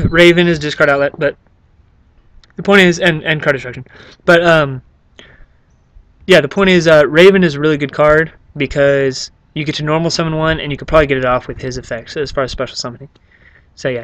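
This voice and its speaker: A man's voice: fairly high pitch, a bit bright, dry recording. A man casually explaining his card game deck, rambling and joking with many fillers. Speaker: YouTube card game creator.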